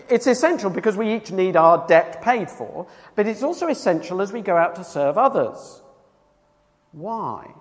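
A man preaching a sermon, emphatic and earnest, moving between loud cries and hushed tones. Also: high-pitched, long reverb tail.

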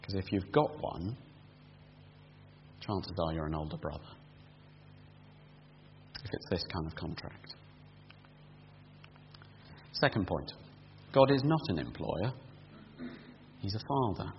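A man preaching a sermon, explaining a passage point by point, building to emphatic peaks and then dropping quiet and close. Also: low voice, animated, takes it slowly, pauses often. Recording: dull lo-fi sound with long hall reverb and faint hum.

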